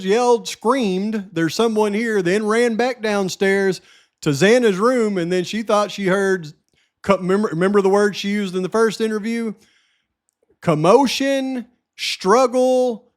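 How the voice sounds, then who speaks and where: A man hosting a true-crime channel, talking straight to his viewers in emphatic casual commentary and repeating his points. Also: high voice.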